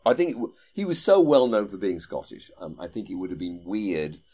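A man's voice: lowish voice, very animated, brisk, dark tone. A man co-hosting a podcast in casual, rambling chat, thinking aloud with plenty of ums and restarts. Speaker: podcast co-host.

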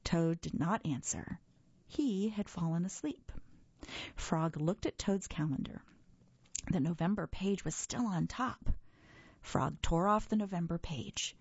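A woman reading a children's story aloud for a reading service, in a gentle, clear storytelling manner. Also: lowish voice, a little slow, no echo, muffled recording. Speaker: audio reader for a reading service.

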